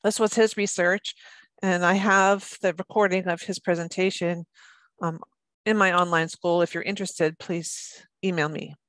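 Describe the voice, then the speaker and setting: A middle-aged woman gives a lecture in a somewhat low voice, often stopping to restart her sentences and repeating words as she goes. Her voice is recorded dry and close, with no room sound around it. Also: fairly even intonation, normal speed, a bit bright, no room sound. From United States. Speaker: presenter on birth trauma.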